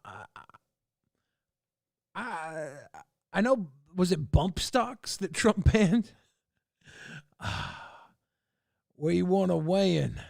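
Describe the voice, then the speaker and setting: A man rambles through relaxed livestream commentary with chuckling asides. His voice is gravelly and a little high. The sound is dry and close. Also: extremely slow, pauses often, dry recording. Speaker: livestream host. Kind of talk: casual stream commentary.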